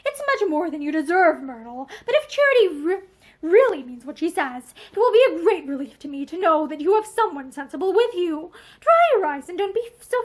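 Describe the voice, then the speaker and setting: A curt, commanding society mother, middle-aged and stern, as a woman reads her lines aloud from a storybook. The voice sits high and moves a lot. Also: sing-song, brisk. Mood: scolding.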